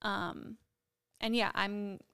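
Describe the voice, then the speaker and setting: A woman's voice: medium pitch, little pitch movement, very slow, sharp tone, clear, resonant tone. A woman co-hosting a podcast in casual chat, hesitant and full of fillers. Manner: hesitant, filler-heavy, trailing off. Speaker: podcast co-host.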